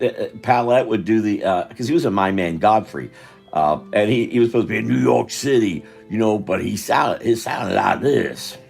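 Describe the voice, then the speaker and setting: A tired older man with a deep, gravelly voice talks his way through a live drawing stream. He rambles, loses his thread and restarts his sentences, while faint music plays behind him. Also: darkish tone. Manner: meandering, self-interrupting, chatty.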